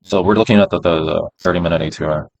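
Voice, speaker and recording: Low-pitched guy streaming trades, cussing and muttering the same lines over and over. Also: steady tone, fast talker, gravelly, darkish tone, low-quality recording. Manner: profane, repeats himself, talks himself through it. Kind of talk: casual live-stream self-talk.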